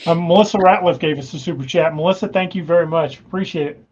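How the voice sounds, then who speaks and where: A high-pitched man hosting a podcast, steering the talk with halting fillers. His audio comes through dull and lo-fi, as if over a weak call. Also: darkish tone. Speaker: podcast host reading super chats. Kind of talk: casual podcast chat.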